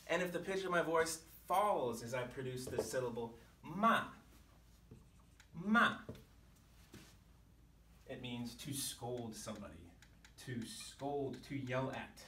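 A man, teaching a language lesson to camera in a clear, patient way, sometimes sounding out syllables at different pitches. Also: normal speed, a bit bright, a little hiss or hum. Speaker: Chinese teacher. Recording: echoey room, mic some distance off.

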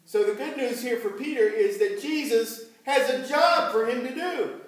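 A male pastor preaches in a church, his voice set high for a man. He tells his story slowly and leaves room for the congregation to answer. The sound is very echoey and picked up from some distance. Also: animated. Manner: slow, unhurried storytelling with questions to the congregation. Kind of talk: sermon.

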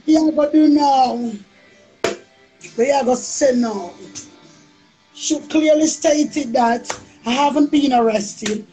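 High-pitched Jamaican woman, playful and boastful. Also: slow, pauses often, dark tone, soft background music. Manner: playful, boastful, repeats phrases in a sing-song chant. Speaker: live streamer. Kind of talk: casual live-stream chat.

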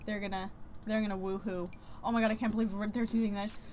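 A young woman giving excitable let's play commentary, gasping and exclaiming dramatically over the game. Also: medium pitch, quick pace, slight background noise. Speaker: gaming YouTuber.

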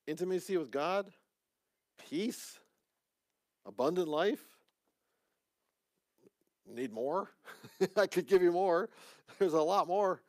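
Male pastor, gravelly tone, dry close sound; relaxed teaching sermon with jokey asides. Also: medium pitch, no room sound. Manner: conversational, joking asides, restarts. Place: church.

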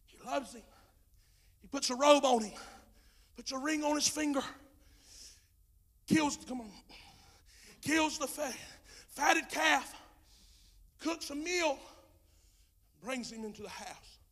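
A male pastor preaching a sermon with passion, dropping to a hush and then rising to shouts, in folksy Southern speech. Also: very high-pitched, slow, pauses often. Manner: impassioned preaching, swinging from hushed to shouting. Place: church sanctuary.

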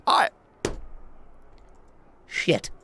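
A man giving excitable, sarcastic commentary over his own gameplay, often swearing. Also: extremely slow, a little hiss or hum. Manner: excitable, sarcastic, swearing, frequent yelps and laughs. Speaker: gaming channel host.

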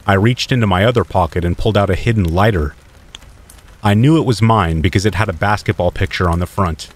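Deep-voiced man telling a horror story. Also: a little fast. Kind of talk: scripted first-person horror narration.

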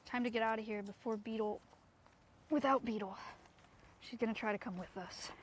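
A woman's voice: on the high side, steady tone, moderate pace, slight background noise. A young woman streaming live outdoors, chatting casually with her chat and coaxing her animals. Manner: chatty, talks to her chat and coaxes goats. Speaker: streamer and sanctuary owner.

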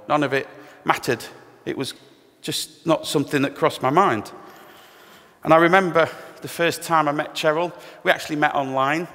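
In a church hall, a middle-aged English man recounts his personal testimony with candor, self-deprecation and touches of humor. His pitch is fairly high and his tone a bit bright. The recording has the hall's long reverb.

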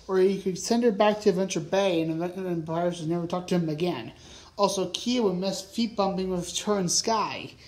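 A woman's voice: on the low side, darkish tone, rough recording. A woman reading her own typed-out story aloud. She stumbles over words and corrects herself as she goes. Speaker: reader.

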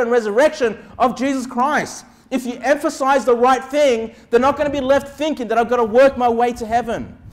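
A man preaching as pastor, with quick asides and sudden shouted lines. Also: very high voice. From Australia. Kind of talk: sermon.

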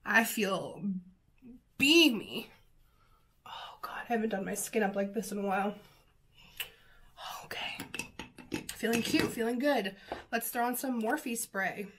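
A woman's voice: medium pitch, steady tone, moderate pace, long pauses, a bit bright, slight background noise. Chatty, gushing woman beauty vlogger. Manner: gushing, chatty, lots of fillers and exclamations. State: sniffly nose. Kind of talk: casual makeup tutorial chat.

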